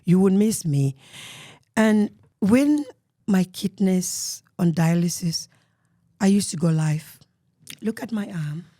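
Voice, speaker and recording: A woman with a Cameroonian accent telling her life story as an interview guest, earnest and emotional, often dropping to a soft murmur. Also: fairly low pitch, animated, takes it slowly, pauses often, dry recording, clean studio sound.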